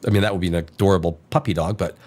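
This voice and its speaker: A man hosting a casual podcast who has a cold, rambling in an animated way, swearing casually and reading news items aloud. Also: low-pitched, racing. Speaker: podcast host.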